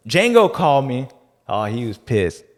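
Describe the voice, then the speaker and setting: A man hosting a casual podcast recap, joking around in slangy talk with loud bursts and low asides. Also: sing-song, moderate pace, big-room sound. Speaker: podcast host. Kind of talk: casual race recap chat.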